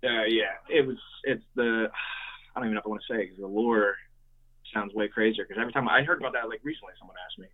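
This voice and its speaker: A young musician, a guest from a hardcore band, tells stories casually in a lowish voice at a quick pace. He rambles, swears freely and uses lots of fillers, and the line sounds tinny, like a phone.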